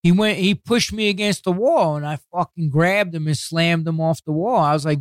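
A slightly high-pitched male voice, recorded with no echo. He's a New Yorker from New York City, guesting on a casual interview and telling stories from his past. He swears heavily and talks blunt street talk, quickly acting out what other people said.

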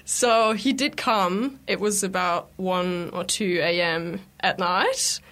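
A woman's voice: lowish voice, slow pace. A woman telling a personal story in a casual, chatty way, acting out quoted lines as she goes. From lives in London. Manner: chatty, animated retelling with acted quotes. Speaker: interviewee telling her story.

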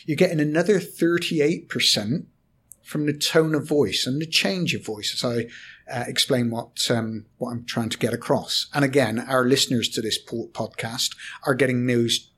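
A man, a corporate trainer explaining communication in a podcast discussion, measured and hesitant at times. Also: medium pitch, a bit bright, breathy edge.

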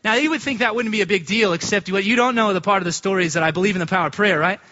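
Bright-voiced man telling a church testimony. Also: racing, highs cut off. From United States. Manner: storytelling, acts out quoted voices with big pitch jumps. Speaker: church speaker giving testimony. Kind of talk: personal testimony to a congregation.

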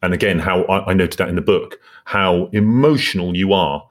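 A man hosting a podcast, asking questions and listening with soft murmured agreement. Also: deep voice, normal speed. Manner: attentive, soft murmured backchannels. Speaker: podcast host. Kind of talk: interview questions.

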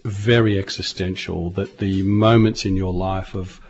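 A man's voice: deep voice, steady tone, a little slow, darkish tone, husky. A man co-hosting a radio chat, making dry, wry, pedantic interjections. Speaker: radio show co-host. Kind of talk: casual chat. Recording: dull lo-fi radio recording.

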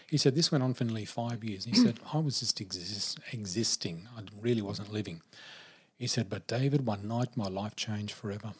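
Older male storyteller, husky, animated, plays all the quoted voices. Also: on the low side, a little fast. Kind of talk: personal storytelling.

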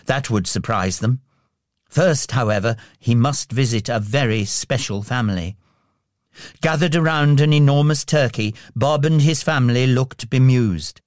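A man narrating a storybook in a measured, expressive way. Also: medium pitch, no echo, studio quality. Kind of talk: storybook reading.

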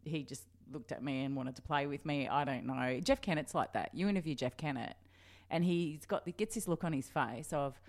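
Low-voiced Australian woman in her fifties. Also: moderate pace. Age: 50s. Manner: lively anecdotal storyteller, laughs often. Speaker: interview guest, broadcaster. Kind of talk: casual conversational interview.

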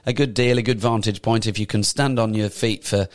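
A man's voice: lowish voice, steady tone, fairly quick, no room sound, studio quality. Chatty enthusiastic man on theatre news. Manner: enthusiastic, rambling, self-correcting with asides. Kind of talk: casual chatty show roundup.

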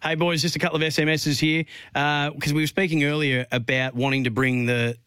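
A man's voice: fairly high pitch, little pitch movement, fairly quick, fairly bright tone, clean tone, dry recording. An Australian man hosting a sports radio show in casual banter, upbeat as he reads out listener texts. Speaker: host.

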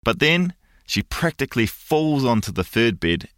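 Playful male storyteller, lively swooping delivery, fairy tale. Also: medium pitch, normal speed, no echo, clean studio sound. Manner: playful, embellished, expressive. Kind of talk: animated fairy-tale narration.

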